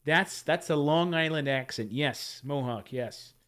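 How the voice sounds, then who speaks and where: A man's voice: on the high side, unhurried, crowd noise. A man hosting a livestream and chatting casually as he reacts to videos. He rambles, chuckles and trips over his words. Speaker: livestream host.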